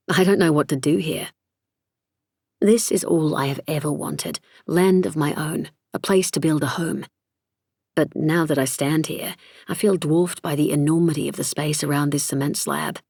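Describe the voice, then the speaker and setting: Low gravelly woman narrating. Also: a little mellow, no echo, studio quality. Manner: measured, reflective. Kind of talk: scripted first-person audiobook narration. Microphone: close studio mic.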